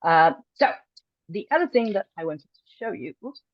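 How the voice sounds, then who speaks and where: This woman's medium-pitched voice is sing-song at a normal speed, with slight background noise on her video call mic. She teaches an online language class in a warm, chatty way full of ums and restarts, and the audio is dull and dry.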